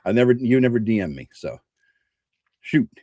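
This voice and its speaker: A middle-aged man, a regular host and game master, telling a story in casual chat, swearing often and switching into animated quoted voices. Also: mid-range voice, moderate pace, breathy edge, no echo, studio quality.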